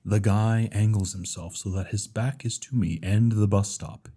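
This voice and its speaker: A man's voice: lowish voice, fairly even intonation, moderate pace, warm tone, breathy edge. Chatty man hosting a comedy podcast. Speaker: podcast host. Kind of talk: casual comedy podcast, reading a story aloud.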